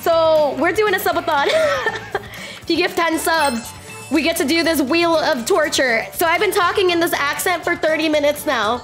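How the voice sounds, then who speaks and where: A woman streamer adopting a playful Filipino accent, her voice high and bright. She talks fast and swears freely, hyped up as she welcomes viewers, over quiet game music. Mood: excited. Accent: put-on Filipino accent. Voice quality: profane and excitable. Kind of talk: casual live-stream chat.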